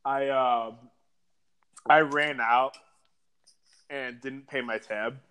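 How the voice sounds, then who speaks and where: A man in a casual chat, telling stories in a rambling, profane and animated way over a remote call. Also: mid-range voice, extremely slow, clean tone.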